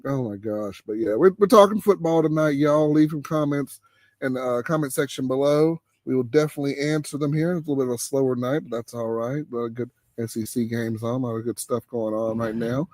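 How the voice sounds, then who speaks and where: A man hosts a relaxed late-night chat show, his voice jumping way up whenever he gets fired up. The sound is dry and close, with no room around it. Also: fairly quick, no echo. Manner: animated, exclaims with big pitch jumps when excited. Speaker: podcast host.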